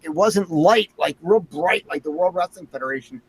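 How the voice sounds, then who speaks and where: A man with a slightly high voice hosts a casual talk show. He tells his stories in an animated, excited way. The recording is dry and close. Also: brisk, few pauses, no room sound. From Philadelphia area. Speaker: host. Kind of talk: casual chat.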